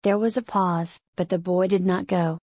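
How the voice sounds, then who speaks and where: A woman narrating a story as an audiobook in a measured storytelling way. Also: fairly low pitch, fairly even intonation, darkish tone, slightly rough, no room sound.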